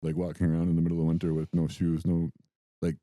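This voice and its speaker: He talks fast in a low voice, with no echo behind him. This young man is co-hosting a podcast, animatedly relating a story in casual chat and acting out the quotes along the way.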